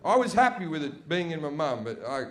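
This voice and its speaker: A man doing a crude, swearing stand-up routine as an animated storyteller. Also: fairly high pitch, fairly quick, heavy background noise. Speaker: stand-up comedian.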